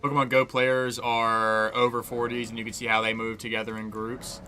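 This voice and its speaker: A man's voice: mid-range voice, flat delivery, normal speed, pushed and bright. A young man streaming a game, chatting casually in a loose, profane, rambling way and laughing often. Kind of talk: casual chat while gaming.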